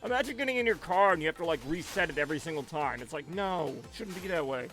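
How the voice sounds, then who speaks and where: Streaming from his home setup on a headset, a man chats casually, rambling with animation in a slightly high voice and talking fast over music. His tone sounds angry even when he isn't.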